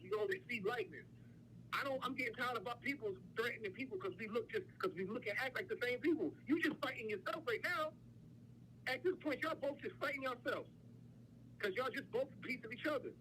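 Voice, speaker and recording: A man with a strikingly high, bright voice talks fast and insistently, lecturing his podcast partners to settle a fight. A faint hiss sits under his voice. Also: rough recording. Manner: preachy, insistent mediating. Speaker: podcast co-host. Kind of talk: heated podcast talk.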